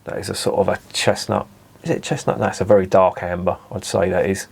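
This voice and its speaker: A man with a slightly low voice talks through a beer tasting in a relaxed, rambling way. He savours each sip and circles back on his points, stopping now and then to pick the right word. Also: a little fast, creaky, a little hiss or hum. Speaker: beer reviewer. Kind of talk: casual tasting review to camera.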